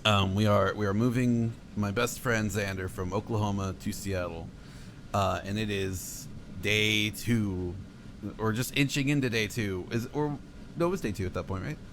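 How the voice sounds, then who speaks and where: A young man telling a road-trip story on a podcast, swearing a lot and acting out his own shouts. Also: lowish voice, moderate pace, slight background noise. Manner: profane, animated, acts out his own shouts. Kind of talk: casual storytelling chat.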